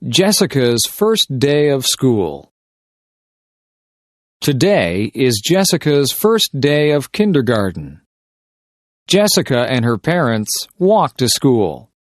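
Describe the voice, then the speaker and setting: A man reading simple short stories slowly and deliberately for English shadowing practice. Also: mid-range voice, dry recording, clean studio sound. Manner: deliberate, carefully paced reading of short sentences. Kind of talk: slow scripted story reading for shadowing practice.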